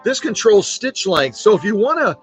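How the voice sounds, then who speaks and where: A middle-aged man casually demonstrating a machine to camera in his workshop, chatty and self-deprecating, slowly spelling words out. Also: high-pitched, sing-song, faint music behind. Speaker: sewing machine restorer.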